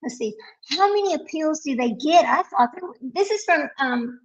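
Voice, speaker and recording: A woman's voice: high-pitched, lively intonation, moderate pace, muffled recording. A woman hosting a casual live stream, talking to viewers while searching her computer and getting frustrated.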